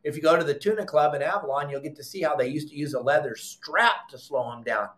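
A middle-aged man with a slightly high voice, teaching fishing technique with emphatic, repeated commands. He goes off on exasperated asides. The room around him sounds echoey. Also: fast, fairly bright tone. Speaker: fishing podcast host. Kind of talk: animated how-to fishing talk.

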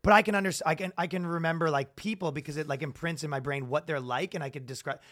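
A man's voice: on the high side, fast, no echo, clean studio sound. A man in his thirties co-hosting a podcast in casual, rambling, profane chat. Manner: rambling, profane, animated with loud impressions. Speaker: podcast co-host.

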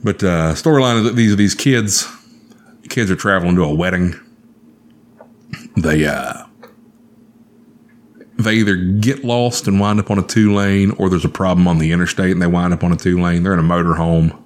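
Casting: very low-voiced man, swearing, animated storyteller on a chat show. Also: normal speed, pauses often.

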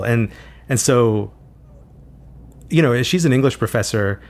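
A man being interviewed as an author, speaking reflectively and haltingly with frequent restarts. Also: lowish voice, animated, vocal fry, darkish tone. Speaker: author guest.

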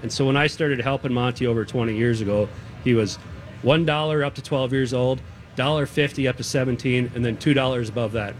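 A man's voice: medium pitch, brisk. A man guest on a radio show, joking and plainspoken about his reptile business. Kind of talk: casual radio interview.

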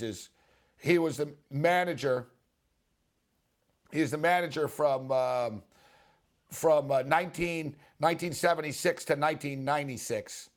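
Excitable, rambling sports radio host. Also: male voice, a little high, moderate pace, pauses often. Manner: rambling, excitable storytelling with laughs and acted quotes. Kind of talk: animated sports talk.

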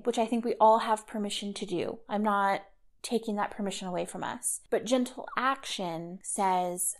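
A woman's voice: medium pitch, measured pace, a little mellow. A woman in her thirties hosting a solo podcast, talking casually and reflectively with frequent "like" and "kind of.". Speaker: podcast host.

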